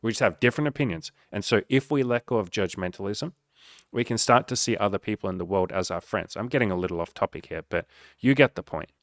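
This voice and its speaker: A man's voice: on the low side, a little fast, dry recording, studio quality. A male life coach talking straight to the viewer in a blunt, emphatic way, swearing often and mocking the doubts in people's heads. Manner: blunt and profane, heavy swearing; emphatic, mocks the listener's inner voice. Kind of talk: motivational monologue.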